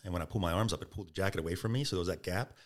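A man's voice: low voice, racing. A man guest on a podcast, casually telling a story and acting out quotes with energy. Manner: animated storyteller, acts out quotes.

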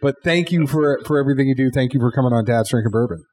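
A man's voice: mid-range voice, racing, dark tone. A man hosting a podcast in a hotel bar, rambling through thanks and jokes in a casual chat. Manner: chatty, joking, rambling thanks. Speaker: podcast host. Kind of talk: casual interview wrap-up.

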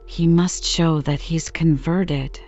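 Stern elderly Quaker captain , read by a woman; hollow, low, mellow. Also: fairly even intonation, slow pace, highs cut off, soft background music. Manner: stern, archaic speech. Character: stern hollow-voiced old Quaker sea captain man.

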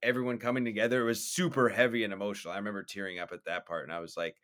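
A man co-hosting a podcast, talking about films in an animated way with lots of fillers, often acting out lines from scenes. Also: fairly low pitch, rapid-fire. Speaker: podcast co-host. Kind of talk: casual film discussion.

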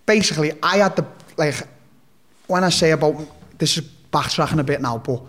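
A man from Liverpool, England, with a matching accent and a higher, slightly bright voice, speaks briskly as an interview guest. He tells a personal story casually, in a blunt, sweary, rambling way.

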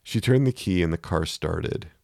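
A man narrating a story in a measured, emotive reading. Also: sits low, expressive, gravelly, darkish tone, no echo, studio quality.

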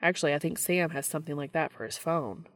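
A woman's voice: sits low, fast, dry recording, studio quality, natural voice. A woman reading aloud, voicing a plainspoken man who talks in a casual, wisecracking way.

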